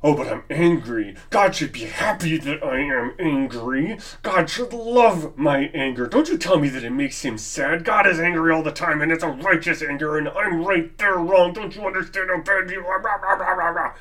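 A man voicing an angry, self-righteous male churchgoer in a fast, heated, mocking rant during a sermon. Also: on the high side, bright, forceful tone, recorded from a distance, voice pushed up.

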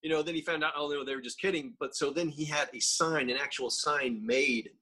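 Bright, profane American podcast host. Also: male voice, a little high, fairly even intonation, brisk, husky. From United States. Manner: profane, jokey storyteller. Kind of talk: casual podcast chat.

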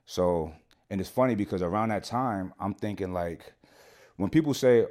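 A man's voice: sits low, normal speed, darkish tone. A man, a podcast guest, telling a long personal story in a casual, slangy way, swearing often and checking in with "you know what I'm saying".

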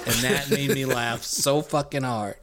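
A man's voice: medium pitch, fairly even intonation, a little slow, a bit bright, faint music behind. Guy gushing about slapstick scenes on a podcast, casual. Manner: enthusiastic, retells scenes. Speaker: podcast co-host. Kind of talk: casual film discussion.

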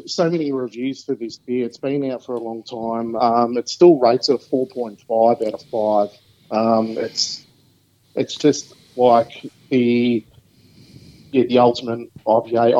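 A man, calling into a beer podcast while sick with a cold, speaking in a low-key way with hesitant ums. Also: dark tone. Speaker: regular caller on the show. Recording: dull phone call on speaker.

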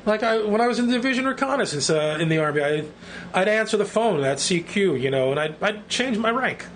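Animated, profane New York storyteller. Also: male voice, high-pitched, brisk, slight background noise. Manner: profane, animated storyteller who acts out quotes. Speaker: guest, band singer. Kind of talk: casual storytelling interview.

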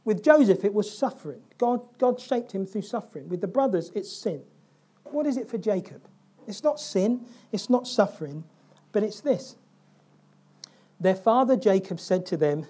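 Animated preacher with a mellow voice. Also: male voice, sits high, normal speed, pauses often, breathy edge. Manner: animated storytelling, acting out biblical figures' lines; asks the congregation questions. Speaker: pastor. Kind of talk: sermon.

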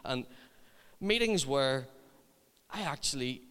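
A man's voice: medium pitch, animated, slow pace, a bit bright, clear, resonant tone. Male youth preacher, chatty and funny, resonant voice with long hall echo. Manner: humorous, chatty anecdotes. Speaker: youth ministry leader. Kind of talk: sermon storytelling.

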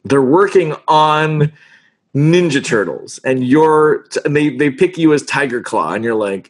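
A middle-aged man, a voice actor, telling stories in a casual interview in an animated, self-deprecating way and acting out the lines he quotes. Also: fairly high pitch, takes it slowly, husky. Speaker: voice actor guest.

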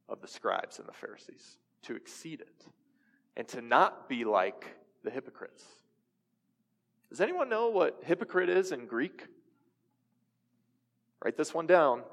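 A man in his twenties or thirties preaching a sermon, talking with his congregation and asking them questions as he goes. His voice has a mid-range pitch. It carries a long hall reverb. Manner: conversational preaching with audience questions. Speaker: pastor.

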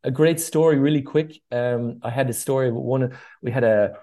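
A man's voice: mid-range voice, moderate pace, dark tone. A middle-aged man from Ireland with an Irish accent, a bartender chatting as a guest and telling stories with acted-out voices. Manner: chatty storyteller, acts out voices in anecdotes. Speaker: guest, bartender and tour organiser. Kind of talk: casual interview chat.

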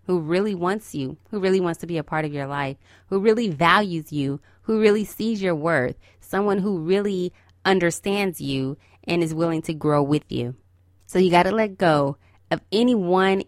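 A woman hosts a podcast with a smile you can hear, cheering her listeners on with sassy, encouraging asides. Her voice sits a little low, and the recording is close and dry. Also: dry recording. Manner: cheery, smiling voice. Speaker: podcast host. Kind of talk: upbeat podcast intro and interview.

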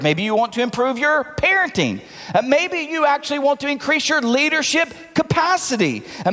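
A middle-aged man preaches with a high, lively voice, joking and calling out to his listeners. He sounds animated and playful. The sound rings with the long reverb of a large hall. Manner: humorous, animated preaching with laughs and call-and-response. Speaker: pastor. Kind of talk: sermon.

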